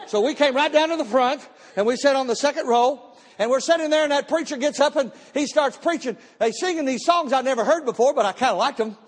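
A man preaching a testimony sermon at a live church service, telling his story with animated bursts of shouting. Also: very high-pitched, quick pace. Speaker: pastor. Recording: long reverb of a church hall.

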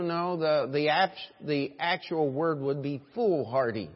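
Male pastor, sermon, rhetorical questions, fairly high voice, long church reverb, dull lo-fi audio. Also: unhurried, hardly any pauses. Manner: preaching with rhetorical questions and voiced scripture quotes.

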